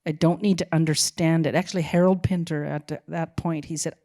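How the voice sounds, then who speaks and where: Woman, middle-aged, fairly low pitch, halting speech, casual interview. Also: fairly even intonation, dark tone. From Canada. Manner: halting, full of restarts and laughs, musing. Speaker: film director, guest.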